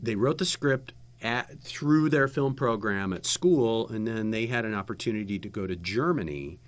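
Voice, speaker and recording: A man, a guest and former TV interviewer, telling a lively story in casual chat with laughter. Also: lowish voice, normal speed.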